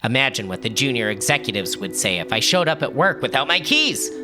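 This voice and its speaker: A man narrating a first-person story with a lively voice that swoops up and down through every sentence. His pitch sits in the middle of the male range. Music plays clearly beneath the reading. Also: a little fast. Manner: expressive, animated storytelling. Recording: music playing underneath.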